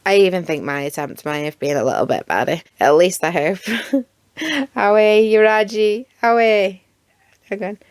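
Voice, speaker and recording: A woman's voice: low-pitched, lively intonation, fairly quick, hardly any pauses, a little mellow, no room sound. Giggly chatty woman with a Stoke accent. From Stoke-on-Trent, England. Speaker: documentary narrator. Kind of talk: casual narration.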